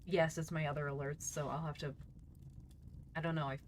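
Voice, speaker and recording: Streaming storyteller, woman, low voice, chatty asides, faint hiss behind. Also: level tone, brisk. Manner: giggly, chatty asides to viewers. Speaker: streamer reading a book aloud. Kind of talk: live storybook reading with chat asides.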